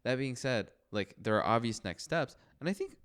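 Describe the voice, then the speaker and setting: A young man co-hosts a podcast in easy, joking chat that wanders from one thought to the next. His voice is smooth and resonant and sits at an ordinary pitch for a man. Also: normal speed. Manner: relaxed, joking, rambling. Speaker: podcast co-host. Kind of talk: casual chat.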